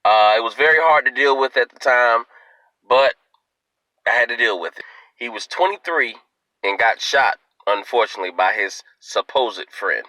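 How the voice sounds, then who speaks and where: A man telling a comic story to his viewers in a playful, animated way. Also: mid-range voice, normal speed, dry recording, rough recording. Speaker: video host.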